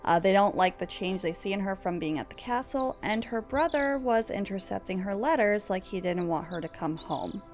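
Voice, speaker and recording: Chatty young woman, casual game storyteller, giggly, mid pitch, soft music under. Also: expressive, normal speed, few pauses. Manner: chatty, giggly, self-interrupting. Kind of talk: casual narrated gameplay storytelling.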